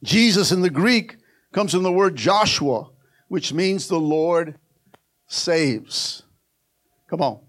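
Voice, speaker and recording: A man's voice: fairly high pitch, expressive, takes it slowly, long pauses, fairly bright tone. A male pastor preaching a sermon in a church, fervently urging the congregation to answer back with repeated calls. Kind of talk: sermon with call-and-response. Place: church sanctuary.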